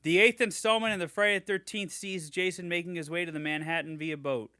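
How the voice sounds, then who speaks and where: A bright, forceful young man co-hosting a casual podcast. He reads fan reviews aloud in a sarcastic, mock-enthusiastic tone and swears freely. His voice sits a little high and sounds dry and close to the mic. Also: steady tone, quick pace, smooth, no room sound. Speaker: podcast co-host.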